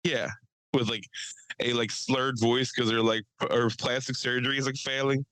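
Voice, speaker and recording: A man co-hosting a podcast in casual chat, an animated, profane storyteller. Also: mid-range voice, moderate pace, no room sound, poor audio. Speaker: podcast co-host.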